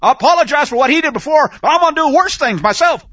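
A shifty male politician brushes off blame in a loud, high, sneering voice, as a preacher mocks him. His pitch swings widely, and the tone is bright. The recording is dull and lo-fi. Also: lively intonation, quick pace, no echo, exaggerated voice. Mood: mocking. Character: evasive male politician blaming his predecessor.

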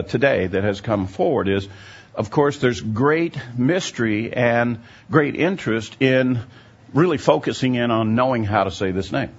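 A man's voice: medium pitch, husky. A man giving a teaching sermon, explaining at length and often checking in with his listeners. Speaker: Bible teacher. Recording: dull lo-fi recording.

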